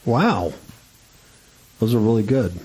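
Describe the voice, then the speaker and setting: A man's voice: lowish voice, very animated, takes it slowly, a little mellow. A man hosting a Christian talk radio show, rambling and stammering with indignant restarts.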